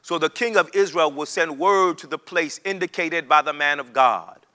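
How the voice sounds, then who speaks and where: A man's voice: a little high, normal speed, bright, forceful tone. A man preaching a sermon to a broadcast audience, reading scripture and repeating phrases for emphasis as he leads listeners to say lines back. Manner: repeats phrases for emphasis, builds to rising chanted intensity; leads the listeners in call-and-response.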